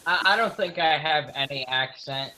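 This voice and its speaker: A man's voice: fairly high pitch, normal speed, sharp tone, low-quality recording. A man joining a casual group chat with blunt, joking reactions.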